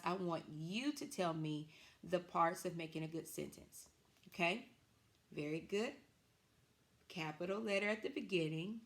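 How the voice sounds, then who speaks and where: A woman teacher with a lowish voice gives young children an online reading lesson, speaking slowly and encouragingly and drawing out her words clearly.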